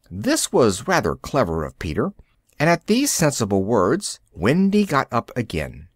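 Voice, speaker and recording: Man, storybook narration, clear measured reading, lively pitch, dry close sound. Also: no echo. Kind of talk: storybook narration for English learners.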